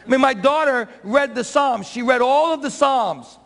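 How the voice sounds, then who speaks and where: Pastor preaching in a reverberant hall. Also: male voice, very high-pitched, normal speed, a bit bright. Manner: emphatic preaching with rhetorical questions. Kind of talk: sermon. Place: church sanctuary.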